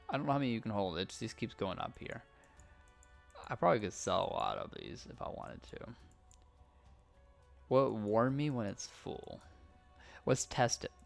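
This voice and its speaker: A man's voice: lowish voice, gravelly. A man casually commenting on a game as he plays, thinking aloud and reading out item stats. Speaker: gaming channel host.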